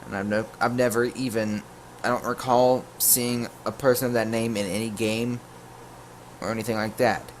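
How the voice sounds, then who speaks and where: A man's voice: medium pitch, little pitch movement, moderate pace, slight background noise. Jokey man telling a storytime tale. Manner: jokey, full of asides and self-corrections. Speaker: YouTube storyteller. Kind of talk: casual storytime narration.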